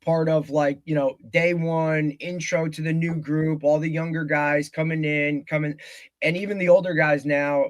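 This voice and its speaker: A man's voice: a little high, flat delivery, normal speed, dry recording, highs cut off. A man who coaches athletes, co-hosting a podcast and talking eagerly in long run-on stretches. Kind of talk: casual podcast conversation.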